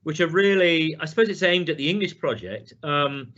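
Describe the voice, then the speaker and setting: A man moderating a question session, reading out audience questions in a brisk way. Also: on the high side, animated, fairly bright tone. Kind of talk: hosting a Q&A. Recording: dull lo-fi livestream audio.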